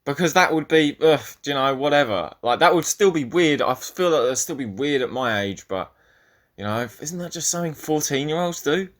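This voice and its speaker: On his solo podcast, a young male host talks at a moderate pace in a slightly high voice with lively intonation. The delivery is rambling and profane, and he keeps interrupting himself mid-thought.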